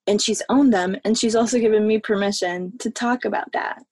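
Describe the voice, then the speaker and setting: A woman from the American South, a podcast guest recounting a childhood memory in a halting, heartfelt way. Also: mid-range voice, fairly even intonation, darkish tone, no room sound. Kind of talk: personal storytelling in a podcast interview.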